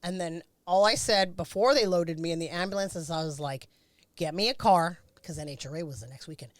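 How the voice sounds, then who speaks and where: A woman's voice: on the low side, quick pace, no room sound. A middle-aged woman, a former race car driver, bluntly recounting a crash in a candid interview, swearing freely.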